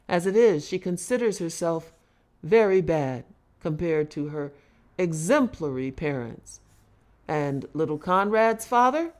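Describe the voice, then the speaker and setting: A speaker reads lengthy book excerpts aloud with short remarks in between. The pitch sits in the middle, and the reading leans into quoted speech with louder, more emphatic delivery. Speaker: reader discussing a book. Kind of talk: reading passages aloud with commentary.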